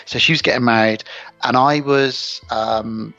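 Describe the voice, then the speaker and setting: A man's voice: mid-range voice, unhurried. A man chatting casually on a film podcast, telling stories and acting out quotes with energy. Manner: animated, acts out movie quotes. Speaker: podcast host. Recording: dull lo-fi podcast audio.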